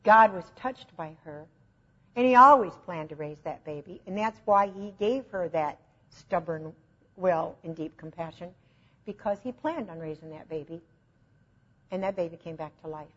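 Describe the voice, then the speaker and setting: A woman preaches in a relaxed, conversational way, telling stories with earnest conviction. She pokes gentle fun at herself as she goes. Her voice is breathy and a little husky, and the recording sounds slightly muffled and lo-fi. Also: on the low side, normal speed. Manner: conversational storytelling, earnest, self-deprecating. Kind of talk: informal teaching sermon.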